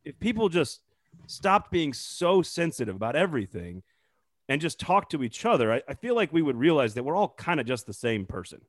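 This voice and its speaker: A man hosting a casual podcast chat, relaxed and halting, often restarting his sentences. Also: fairly high pitch, dry recording, clean studio sound.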